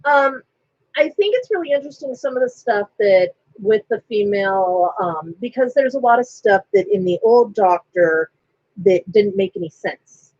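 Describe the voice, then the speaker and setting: A woman with a husky voice, her pitch swinging up and down a lot as she chats with a co-host. She tells stories with animated flair, acting out quoted lines. The sound is dry and a bit muffled, like a low-fidelity home recording. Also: normal speed, dry recording. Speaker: podcast co-host. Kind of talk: casual fan chat. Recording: dry, slightly muffled lo-fi audio.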